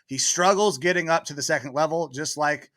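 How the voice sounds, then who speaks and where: A man's voice: on the high side, brisk, sharp tone, no echo, studio quality. A man guesting on a casual sports chat over a video call, easygoing and jokey. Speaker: podcast guest.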